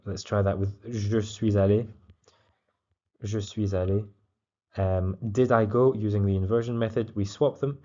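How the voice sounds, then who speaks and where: A man teaching a language lesson, walking through grammar with a relaxed, explanatory manner and frequent fillers. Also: on the low side, highs cut off. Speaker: French teacher. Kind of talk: exam tutorial explanation.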